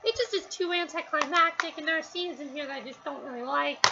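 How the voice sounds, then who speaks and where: A woman's voice: high-pitched, a little fast, creaky, highs cut off, heavy background noise. A woman from New Jersey chatting casually in a review, rambling and hesitant with lots of fillers.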